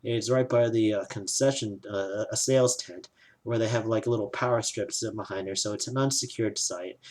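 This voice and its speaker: A man's voice: on the low side, fairly even intonation, moderate pace, a little mellow. A man giving a casual, sarcastic spoken review of a trip, griping and swearing, with frequent sighs.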